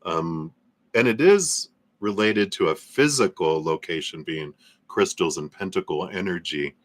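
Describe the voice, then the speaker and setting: A man hosting a live tarot reading, speaking in slow, soothing affirmations with soft laughs. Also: low voice, expressive. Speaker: tarot reader.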